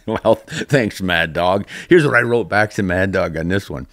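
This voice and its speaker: An older man hosting a podcast in casual chat, self-deprecating and quick to laugh. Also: low-pitched, lively intonation, a bit bright, no echo, clean studio sound. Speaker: podcast host.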